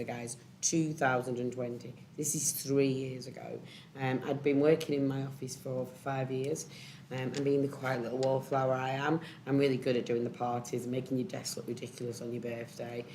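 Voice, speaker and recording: A woman on a panel, telling a personal story candidly and emotionally, with many pauses and ums. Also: a bass voice, slight background noise. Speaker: panel speaker.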